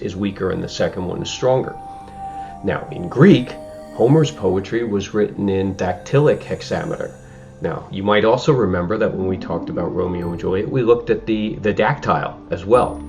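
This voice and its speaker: Low-voiced male teacher giving a lesson. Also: vocal fry, darkish tone. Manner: explanatory, conversational with frequent fillers. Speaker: high school English teacher. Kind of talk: recorded remote lesson.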